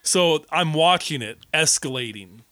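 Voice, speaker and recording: Brief: brash guy, bright, tense-edged voice, recorded dry and close, swears for emphasis. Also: a little high, animated, unhurried, no room sound. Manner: profane, emphatic, says "dude" a lot. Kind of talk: casual chat.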